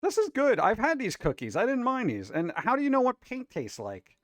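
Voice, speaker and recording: A man's voice: very high-pitched, wildly swooping pitch, fairly quick, no room sound, studio quality. A man hosting a casual reaction show about food videos, talking in an exasperated, wisecracking way.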